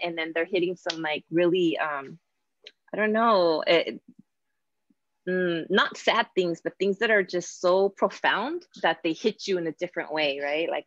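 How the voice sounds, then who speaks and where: Low-voiced woman hosting a casual class chat. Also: no echo, muffled recording. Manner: warm, chatty, mixes in Spanish words. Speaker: host and professor.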